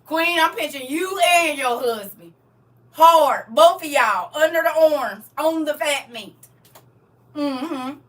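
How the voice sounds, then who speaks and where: High, bright-voiced teasing woman streamer. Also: lively intonation, slow, recorded from a distance. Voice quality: self-described croaky frog voice. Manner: teasing, laughing, talks to viewers as y'all. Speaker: livestream host. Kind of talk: casual livestream chat.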